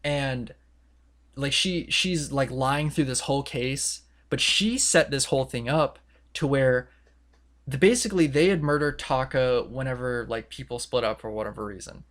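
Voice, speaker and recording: A man's voice: medium pitch, normal speed, a bit bright. Rambling young man retelling a story. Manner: rambling, filler-heavy retelling with quoted voices. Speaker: podcast co-host. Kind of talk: casual podcast chat.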